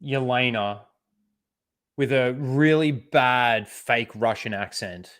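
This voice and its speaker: A man's voice: mid-range voice, slow, fairly bright tone, soft background music. A man hosting his own channel, chatting casually and reacting to trailers, rambling with fillers and the odd swear word. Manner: rambling, swears freely, many fillers and asides. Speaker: channel host. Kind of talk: casual reaction commentary on a livestream.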